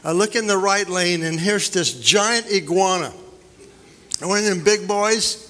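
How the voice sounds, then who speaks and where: Male pastor, bright voice, folksy sermon storyteller, church hall reverb. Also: high-pitched, a little slow. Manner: folksy storytelling with many fillers. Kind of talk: sermon with prayer and personal story.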